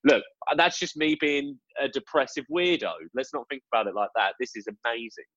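A man's voice: medium pitch, brisk, no echo. Rambling British man, dull dry sound. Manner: rambling, animated, self-mocking. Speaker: podcast co-host. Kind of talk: casual chat.

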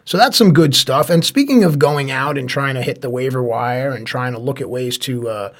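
Gravelly, excitable podcast host. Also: male voice, medium pitch, moderate pace. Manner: enthusiastic, laughs often, animated. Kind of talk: casual sports podcast chat.

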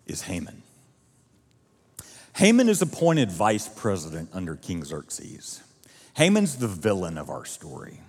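A man preaching a sermon as pastor, telling the story with lively acted-out dialogue. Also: on the low side, in a large hall. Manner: animated storytelling, acting out quoted voices. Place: church auditorium.

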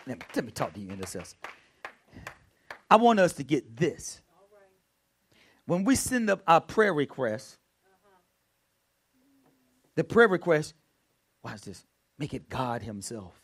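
A man preaching a prayer sermon as pastor, repeating phrases and swinging from soft murmurs to loud shouts. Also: medium pitch, sing-song, a little hiss or hum. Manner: repeats phrases, drawn-out emphatic delivery.

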